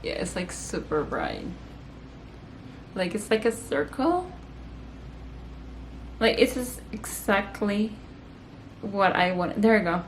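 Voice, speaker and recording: A woman's voice: mid-range voice, big pitch swings, slow, pauses often. A young woman in her twenties chatting to camera with her husband, casual and full of "like", laughing easily. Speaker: vlogger, co-host with husband. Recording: echoey room with faint noise.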